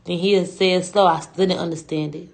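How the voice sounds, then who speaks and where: A young woman talks on a livestream in a slightly low voice. She rambles through her story, swears often and uses a lot of slang. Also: fairly even intonation, a little fast, vocal fry. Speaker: rapper.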